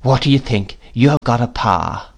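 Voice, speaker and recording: A man's voice: mid-range voice, animated, moderate pace, vocal fry. A man voicing a kindly, flustered middle-aged servant woman who speaks in a breathless, soothing way in an audiobook reading.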